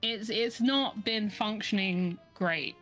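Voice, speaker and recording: A woman's voice: mid-range voice, slow pace, a bit bright, soft background music. Joking, self-mocking woman co-streamer. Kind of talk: casual live-stream chat.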